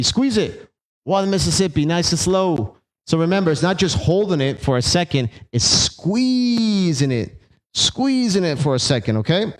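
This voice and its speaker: A man's voice: a little high, low-quality recording. A man coaching an ab workout, counting and cueing reps aloud in an encouraging way. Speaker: fitness instructor. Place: small home workout studio.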